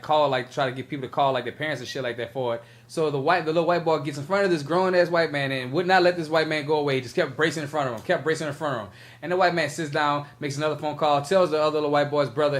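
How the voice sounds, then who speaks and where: A man co-hosting a podcast, telling a story in casual chat, acting out quotes and laughing often. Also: a little high. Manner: animated storyteller, acts out quotes, laughs a lot. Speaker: podcast co-host.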